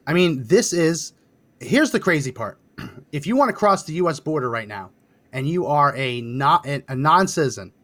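A man hosting a political commentary podcast, his voice a touch higher than most men's. He talks through on-screen clips in a brisk, sardonic way and cues his producer along the way. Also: fairly bright tone. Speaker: podcast host.

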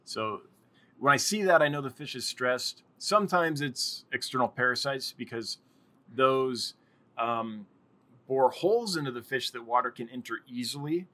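A man's voice: medium pitch, lively intonation, normal speed, pushed and bright. A man hosting a casual live stream, rambling and chatting with viewers and laughing often.

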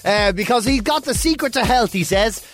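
A man's voice: extremely high pitch, animated, moderate pace, fairly bright tone, faint music behind. A man co-hosting a radio show in casual chat, playful and prone to breaking into song. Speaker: radio co-host.

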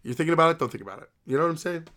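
A man's voice: on the high side, animated, very fast, a bit bright. Guy in his 30s rambling thru a story on a podcast, tons of "like", acting out what people said. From New York area. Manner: rambling storyteller, lots of "like" and quoted dialogue. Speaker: podcast co-host. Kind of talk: casual chat.

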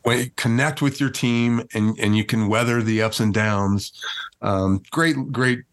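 A man's voice: mid-range voice, unhurried. A man hosting a podcast interview, affirming his guest and asking open questions in an encouraging manner. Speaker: podcast host.

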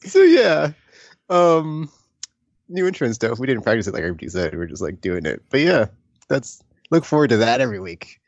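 A man's voice: medium pitch, huge pitch swings, a little fast, dry recording. A man hosting a podcast in casual chat, rambling loosely with lots of fillers and restarts. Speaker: podcast host. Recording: dry, slightly dull lo-fi sound.

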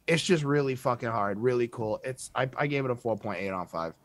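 A man's voice: mid-range voice, expressive, fairly quick, no room sound. A man co-hosting a casual album review, rambling with lots of fillers and some swearing.

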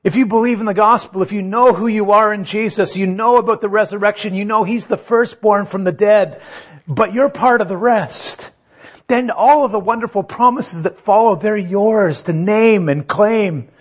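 A man's voice: sits high, moderate pace. A man preaching a sermon, earnest, asking rhetorical questions and building to emphatic points.

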